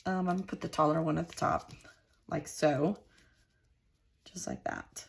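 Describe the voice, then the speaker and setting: A woman's voice: sits low, steady tone, normal speed, vocal fry. A middle-aged woman hosting a crafting video, chatting casually and homely to her viewers as she works at her craft desk. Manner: chatty and homey, talks to viewers directly. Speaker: scrapbooking channel host. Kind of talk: casual crafting tutorial chat.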